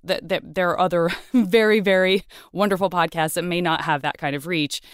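Woman host gushing away, smooth clear voice, dry sound. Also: on the low side, fairly even intonation, normal speed, no room sound. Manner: gushing, emotional, lots of "like" fillers. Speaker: podcast host. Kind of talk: casual interview chat.

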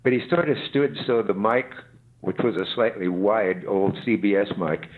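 An older man with a fairly low voice tells unhurried anecdotes, dropping dry and wry jokes as he goes. He is calling in from his home, and his voice comes through a thin, phone-like line. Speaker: guest expert. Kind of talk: anecdotal storytelling. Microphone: video call. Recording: tinny internet call line.

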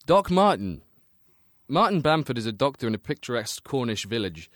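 A man, a guest actor on a comedy panel show, explaining things in a relaxed, rambling way. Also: mid-range voice, a little fast, dry recording, studio quality.

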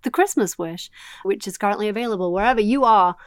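A woman's voice: mid-range voice, fast talker, no room sound, clean studio sound. A woman co-hosting a podcast, talking in a wry, emphatic way. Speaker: podcast co-host. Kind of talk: casual podcast chat.

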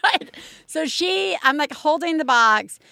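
A woman in her thirties, a podcast co-host, telling a story in casual chat, animated and full of "like". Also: high voice, measured pace, gravelly, dry recording, studio quality.

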